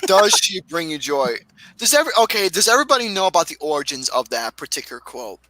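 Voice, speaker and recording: A man telling a story in a casual chat, profane and animated. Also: on the high side, quick pace, dry recording, low-quality recording. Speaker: co-host.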